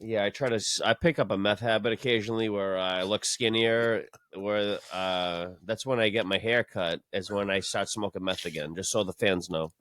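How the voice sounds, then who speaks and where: A man's voice: on the low side, fairly even intonation, moderate pace, few pauses, a bit bright. A middle-aged man co-hosting a podcast in casual chat, swearing freely and breaking into laughter. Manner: crude, breaks into helpless laughter. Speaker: podcast co-host.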